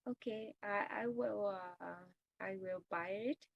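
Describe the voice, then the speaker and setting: A woman learning English works through a role-play practice, halting and hesitant. She speaks slowly, and her voice has a gravelly fry. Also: medium pitch, lo-fi sound. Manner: hesitant, halting, with many fillers.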